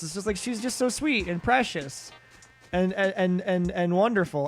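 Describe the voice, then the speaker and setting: A man's voice: sits high, normal speed, soft background music. A man chatting casually and playfully while streaming a video game at home. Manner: playful, excitable, jokey.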